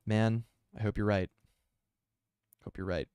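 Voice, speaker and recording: Rambling low-voiced streamer guy. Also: steady tone, measured pace, darkish tone, smooth, dry recording, studio quality. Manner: rambling and self-aware, heavy use of "like". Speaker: artist and live streamer. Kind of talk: casual live-stream chat while drawing.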